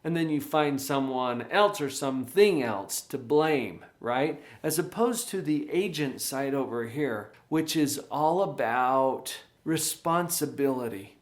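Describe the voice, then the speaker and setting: A man, a parenting coach and author, giving an animated motivational talk to camera, full of rhetorical questions. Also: medium pitch, slow pace, hardly any pauses.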